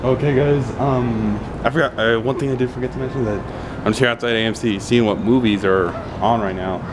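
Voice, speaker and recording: A man's voice: mid-range voice, steady tone, brisk, noisy background. A man vlogging casually while out and driving, chatty and rambling with frequent restarts, recorded on a handheld phone. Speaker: gaming vlogger. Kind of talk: casual vlog commentary. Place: outdoors and in a car while driving.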